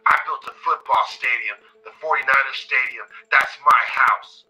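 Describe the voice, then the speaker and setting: A man losing his voice, speaking in a hoarse, half-whispered voice as he rambles on agitatedly about his grievances. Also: medium pitch, moderate pace, sharp tone, poor audio. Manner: agitated, rambling, self-aggrandizing. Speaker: caller in played recording. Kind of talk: complaint call.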